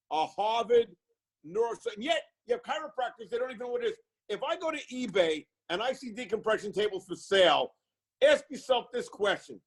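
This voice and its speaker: Fiery high-voiced man preaching hard. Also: poor audio. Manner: fiery, preachy, repeats words for emphasis. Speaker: chiropractic coach; live show guest speaker. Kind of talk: impassioned motivational speech.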